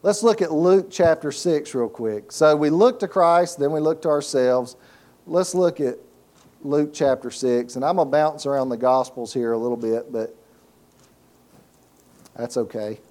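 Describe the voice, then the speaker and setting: A man's voice: on the high side, a little slow, a little mellow. A middle-aged man preaching a sermon, telling folksy stories and asking the congregation to fill in words. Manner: folksy storytelling with laughs and call-and-response questions. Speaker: pastor.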